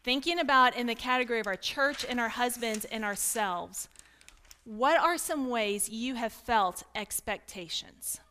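A pastor's wife from Kentucky with a slight Kentucky accent, giving an earnest, candid talk to a women's gathering and inviting answers from the room, with light self-deprecating humor. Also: female voice, on the high side, unhurried, pushed and bright. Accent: Kentucky with some Northern mix. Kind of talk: candid teaching talk with audience participation.

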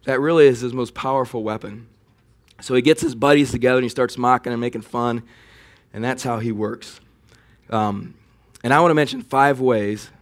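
A man delivers a sermon in an easy, conversational voice at a middle pitch. He talks to the congregation like he's chatting with them, leaning into points with extra emphasis. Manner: conversational preaching, animated when mocking enemy taunts. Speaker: pastor.

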